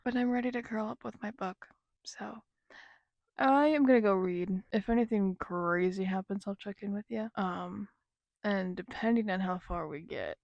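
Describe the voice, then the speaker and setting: A woman's voice: medium pitch, normal speed, gravelly, no echo, lo-fi sound. A young woman in a casual reading vlog, chatting with a gushing, filler-heavy manner about the book she is reading. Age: young adult. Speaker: book vlogger.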